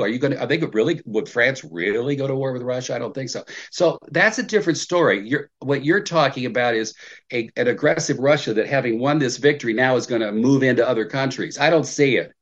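A man's voice: medium pitch, a bit bright. An American professor in his sixties answering interview questions emphatically, often restarting his sentences. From United States. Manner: emphatic, with frequent restarts and stammered openings. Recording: muffled lo-fi audio.

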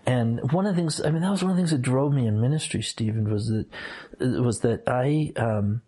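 A middle-aged former minister speaks earnestly and reflectively. He often stops and restarts his sentences. His voice is slightly husky. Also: medium pitch, warm tone. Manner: earnest, halting with many restarts and fillers. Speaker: former minister, interview guest. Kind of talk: reflective personal storytelling.

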